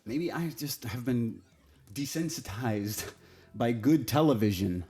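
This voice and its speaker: Exasperated male reviewer, sarcastic and loose-mouthed, average pitch, soft music underneath. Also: animated, slow. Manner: sarcastic, exasperated, swears casually. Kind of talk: casual opinionated review.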